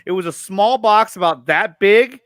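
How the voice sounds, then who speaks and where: High bright-voiced young man hosting a livestream. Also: no room sound. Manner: reads viewer messages aloud and thanks them, upbeat and chatty; quick laughs and frequent restarts. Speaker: host of a review and reaction show. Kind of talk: casual livestream chat.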